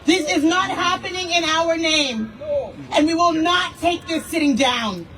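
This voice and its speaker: An American woman city councilor giving an angry, forceful protest speech, repeating lines for emphasis. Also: extremely high pitch, a little slow. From United States. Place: outdoor rally. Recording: distant mic with faint noise.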